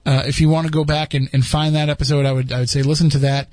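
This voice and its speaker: A man's voice: a little high, level tone, fast talker, a little mellow, no room sound. A man hosting a podcast, chatting casually and rambling with frequent restarts. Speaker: podcast host. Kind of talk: casual chat.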